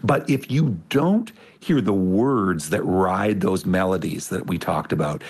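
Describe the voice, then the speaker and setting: A deep-voiced man speaks as a guest in an interview, gravelly and a little husky. He explains eagerly and often restarts his phrases as he talks. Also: animated, measured pace, darkish tone. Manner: enthusiastic explaining with frequent restarts. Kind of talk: conversational interview.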